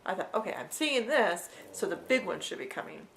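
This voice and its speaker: A woman's voice: mid-range voice, big pitch swings, fairly quick, fairly bright tone, slight background noise, poor audio. A woman vlogger telling a personal story in a conversational, repetitive way, with frequent asides to the viewer.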